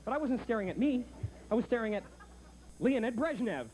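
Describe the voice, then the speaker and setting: A man's voice: very high voice, quick pace, a little mellow, slight background noise, poor audio. A man doing theatrical, mock-grand stand-up comedy.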